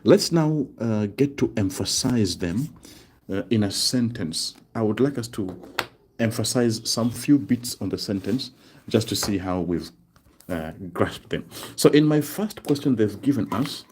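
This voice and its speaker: A man teaching an online language lesson, explaining slowly and deliberately and drawing out each example word. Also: lowish voice, animated, a little mellow, a little hiss or hum. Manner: slow, deliberate explaining with drawn-out example words.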